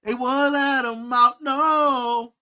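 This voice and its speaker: A man hosting a football preview, trash-talking rival fans in a boastful, animated way and repeating his taunts. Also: very high-pitched, slow. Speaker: sports podcast host.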